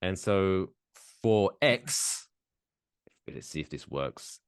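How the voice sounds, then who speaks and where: A man's voice: low voice, expressive, very slow, creaky, clean tone, no echo, clean studio sound. A man co-hosting a podcast in casual banter, playful, with announcer-style build-ups that draw out names. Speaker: podcast co-host.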